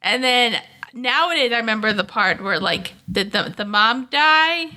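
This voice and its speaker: A woman's voice: on the high side, expressive, measured pace, pushed and bright. A young woman co-hosting a casual cartoon review chat, chatty and playful, with lots of fillers. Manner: chatty, many fillers, playful put-on voices. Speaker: co-host reviewing a cartoon episode.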